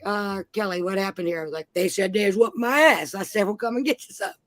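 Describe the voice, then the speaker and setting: A woman's voice: medium pitch, quick pace. A woman in her forties telling brash, profane stories in a casual chat. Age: 40s. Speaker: panel host.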